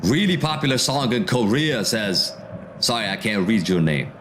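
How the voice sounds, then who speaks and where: A man hosting a football watchalong stream, reading viewer comments aloud and reacting to the match in a relaxed, slangy way. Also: on the low side, normal speed, a little hiss or hum. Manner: reads viewer comments aloud and answers them, calls out match action, slangy "bro". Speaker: livestream host reading chat during a football watchalong. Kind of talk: casual live commentary and chat reading.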